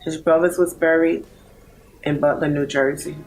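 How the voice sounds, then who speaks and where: A woman in her sixties, a bereaved mother giving a heartfelt, halting personal testimony. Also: low voice, level tone, darkish tone, soft background music, poor audio. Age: 60s. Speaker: bereaved mother in a support program.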